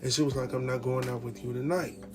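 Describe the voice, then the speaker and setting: A man's voice: medium pitch, steady tone, quick pace, soft background music. A man with recapping a TV episode in casual commentary, acting out the quotes and laughing often. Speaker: TV recap host.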